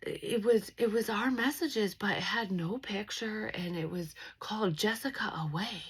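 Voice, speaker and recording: A woman voicing her hesitant older grandmother in a higher, whispered tone. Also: measured pace, husky. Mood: hushed.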